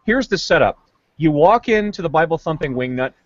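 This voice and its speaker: A man's voice: fairly high pitch, expressive, brisk, no echo. Blunt guy on a dull lo-fi call, mocking, dry close sound. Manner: blunt, mocking, repeats words when starting. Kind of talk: casual online hangout chat.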